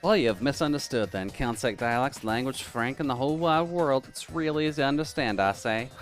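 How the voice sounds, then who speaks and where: A man's voice: mid-range voice, animated, a little fast, soft background music, pitched above the performer's own voice, natural voice. A man voicing a brash male blogger in a put-on Southern drawl, folksy and defensive. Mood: insistent. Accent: put-on American Southern drawl.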